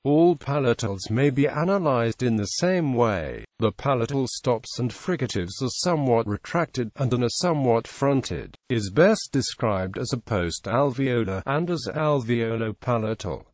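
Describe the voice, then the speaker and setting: Text-to-speech man, mid pitch, flat article reading, dry close sound. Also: measured pace, few pauses, no echo. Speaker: article reader.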